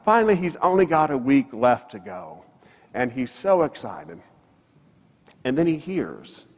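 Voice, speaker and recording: A man preaching from the pulpit of a church. His voice is animated and full of swings in pitch as he tells a story and drives his points home. Long reverb from the hall trails after each phrase. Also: measured pace. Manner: storytelling preacher, rises and falls for emphasis. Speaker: pastor. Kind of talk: sermon.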